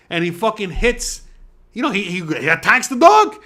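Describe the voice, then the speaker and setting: A man hosting a podcast, telling a rambling, profane story in a casual way and acting out barks and his own shouts. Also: a little high, animated, fairly quick. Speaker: podcast host.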